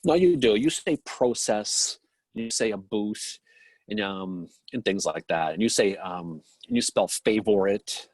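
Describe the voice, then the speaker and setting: A man's voice: lowish voice, normal speed, hardly any pauses, a little mellow, slightly rough, dry recording. A man with a Boston accent co-hosting a casual chat, rambling with lots of restarts. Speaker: podcast co-host.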